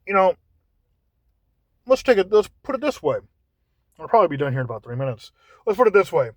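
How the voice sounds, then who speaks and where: A man talking in a casual monologue, halting and often repeating words as he searches for how to phrase things. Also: high-pitched, very animated, no room sound.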